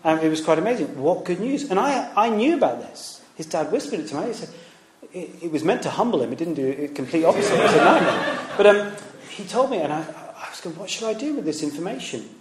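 A man's voice: a little high, very animated, fast, a little hiss or hum. A man, a preacher and former teacher, giving a conversational sermon with rhetorical questions and stories. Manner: conversational, rhetorical questions, acts out quoted voices. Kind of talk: sermon with storytelling. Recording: echoey room.

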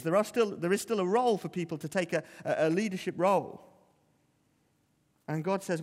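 A man preaches a sermon with a slightly higher voice than most men. He talks in a conversational, earnest way and often asks the congregation questions. His voice rings with the long reverb of a hall. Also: brisk, long pauses, darkish tone.

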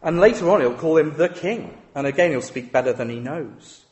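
A man's voice: on the high side, animated, moderate pace, darkish tone, dull audio. A man preaching a sermon in a conversational way, often asking rhetorical questions.

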